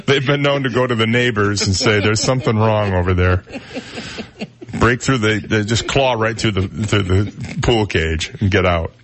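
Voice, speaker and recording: Man, radio talk host, low voice, casual joking chat, studio mic. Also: unhurried. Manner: joking, chuckles at own jokes. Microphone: studio microphone.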